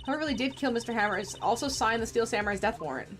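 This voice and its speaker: A woman's voice: a little high, very fast, fairly bright tone, faint music behind, lightly acted. A woman voicing a polite young woman studio assistant from a video game, with a matter-of-fact delivery.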